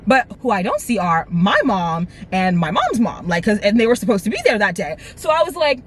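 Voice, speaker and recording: A woman in her twenties telling a dramatic storytime vlog to her viewers, with lively asides. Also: medium pitch, fairly quick, slight background noise. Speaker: vlogger. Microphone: camera mic.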